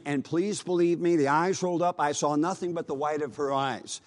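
A man's voice: fairly high pitch, normal speed, few pauses. A man preaching, telling a dramatic personal testimony in an earnest voice. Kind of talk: sermon testimony.

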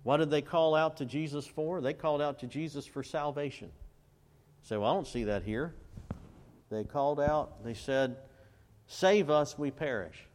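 A man's voice: a little high, steady tone, darkish tone. A man preaching a sermon, quoting scripture and repeatedly asking the congregation to fill in words. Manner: call-and-response questions to the congregation; quotes scripture and recites hymn lyrics slowly. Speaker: pastor.

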